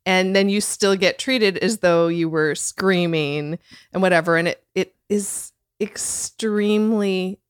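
A woman's voice: on the low side, measured pace, clean tone, no echo, studio quality. A woman guest in a casual podcast chat, speaking in a thoughtful, relatable way and laughing easily.

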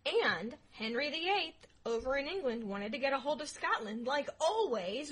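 A woman co-hosting a casual history podcast, telling the story playfully with jokes and loud asides. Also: high voice, expressive, brisk, few pauses, low-quality recording. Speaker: podcast co-host.

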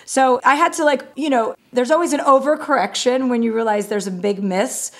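A woman's voice: high voice, brisk, a bit bright. A woman comedian talking candidly as an interview guest, self-mocking and frank, with many "like" and "you know" fillers.

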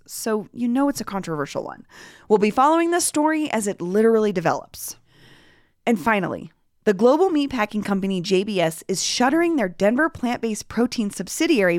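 A woman's voice: a little high, dry recording, studio quality. A woman hosting a local news podcast, reading the headlines in a chatty way. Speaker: podcast host.

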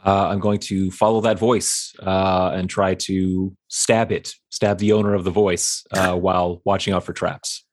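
A man's voice: low voice, little pitch movement, a little slow, hardly any pauses, no room sound, studio quality. A man playing a tabletop game, speaking in a hesitant, laid-back way. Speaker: player.

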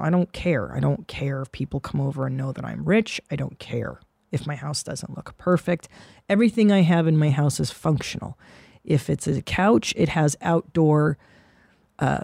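A woman hosting a comedy podcast, telling rambling, profane anecdotes in a casual, animated way. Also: lowish voice, creaky, dry recording, clean studio sound.

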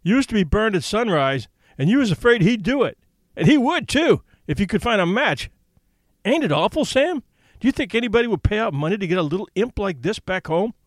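Guy doing a jumpy whiny crook, voice goes up high and all over the place, dry sound. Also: very animated, brisk, dry recording. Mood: scared. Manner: anxious, whining. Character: nervous bumbling male kidnapper Bill.

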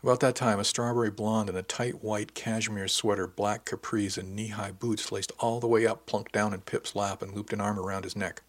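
A man reading a novel aloud in the first person, his voice sitting on the low side. The telling is dry and wry, steady and unhurried. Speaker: audiobook narrator.

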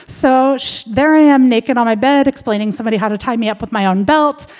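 A woman's voice: on the high side, a little fast, a little mellow. A woman telling a personal story in a candid, chatty way, full of fillers.

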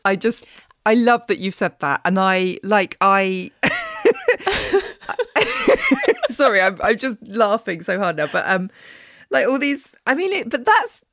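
A woman's voice: a little high, big pitch swings, slow, fairly bright tone, dry recording, clean studio sound. A woman speaking as a podcast guest, laughing readily and agreeing enthusiastically. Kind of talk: casual conversation.

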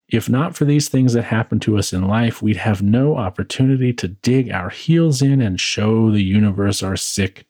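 Low husky guy reading his own podcast script, wry and thoughtful, dry close sound. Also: a little mellow, no echo. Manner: reflective and wry, with dry asides. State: tired, working late at night. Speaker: podcast host. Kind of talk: scripted philosophical monologue.

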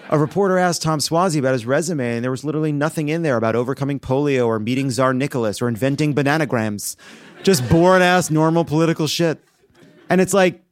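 A man's voice: medium pitch, no room sound. Guy hosting a comedy show, sarcastic punchy monologue, middle voice. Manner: sarcastic, punchy joke delivery.

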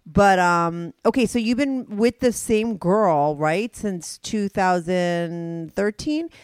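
A woman's voice: fairly low pitch, slow, clean tone, no room sound, clean studio sound. A woman hosting a podcast, chatting casually and laughing easily. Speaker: podcast host. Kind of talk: casual chat.

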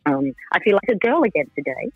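A woman's voice: fairly low pitch, sing-song, quick pace, phone-quality sound, soft background music. A woman, chatting frankly and ramblingly as a reality TV contestant in a radio interview. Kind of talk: casual radio interview chat.

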